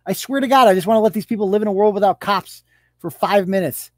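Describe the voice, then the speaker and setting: A high-voiced man talks fast as he hosts a live show, reading out rules amid a profane, sarcastic rant full of mocking rhetorical questions. The audio is studio quality with no echo.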